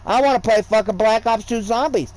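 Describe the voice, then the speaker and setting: A man rambles through a casual gaming livestream, lecturing and swearing freely as he goes. His speaking voice sits high for a man. The delivery is loose and conversational. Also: fairly quick, a little mellow, low-quality recording. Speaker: gaming streamer.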